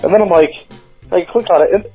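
A man leaving a rambling, excitable voicemail for a radio-style show. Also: fast talker, husky, soft background music. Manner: rambling, excitable, jumps in pitch. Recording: muffled voicemail audio.

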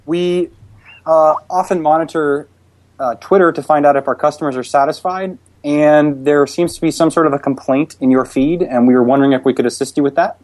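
A man's voice: on the high side, steady tone, brisk, darkish tone, dry recording, voice pushed up, natural voice. A man playing a polite male corporate public relations caller, speaking in a hesitant, scripted way. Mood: overly polite.

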